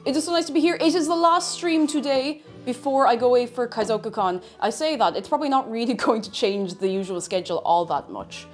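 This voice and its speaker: A woman's voice: fairly high pitch, brisk, hardly any pauses, faint music behind. A young Irish woman chatting casually on her livestream, bubbly and chatty as she greets viewers and reads their messages. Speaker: streamer.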